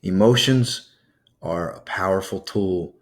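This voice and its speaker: A man hosting a video, guiding listeners through a calming breathing exercise in a gentle, coaxing way with soft pauses. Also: sits low. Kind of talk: guided breathing meditation.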